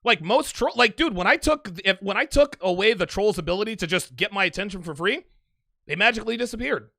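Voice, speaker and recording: A man's voice: sits high, animated, brisk, creaky, pushed and bright, dry recording, clean studio sound. A man hosting a live call-in stream, reading super chats in a brash, emphatic way and repeating himself. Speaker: livestream host reading super chats and taking calls. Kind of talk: casual live show chat.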